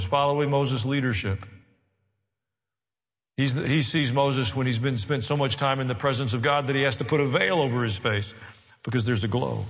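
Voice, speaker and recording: A pastor preaching a sermon, with wry asides, building to raised, emphatic delivery. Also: male voice, mid-range voice, a bit bright. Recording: long hall reverb.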